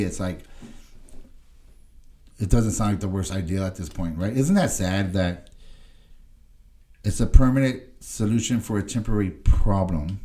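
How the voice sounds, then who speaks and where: A man's voice: sits low, warm tone. A man telling an emotional personal story as a podcast guest, rambling and blunt, often tagging "right?" onto his sentences. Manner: swearing, blunt.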